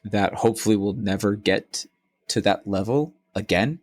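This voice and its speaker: A young man co-hosting a casual podcast, rambling and profane as he tells animated stories. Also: lowish voice, normal speed, no echo. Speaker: podcast co-host. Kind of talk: casual chat.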